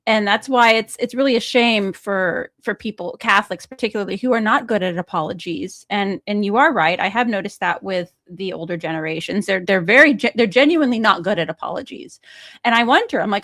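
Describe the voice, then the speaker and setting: A young woman co-hosting a talk show, animated and mocking, laughing easily and slipping into impressions. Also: medium pitch, brisk, no room sound. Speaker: co-host. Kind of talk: casual conversation.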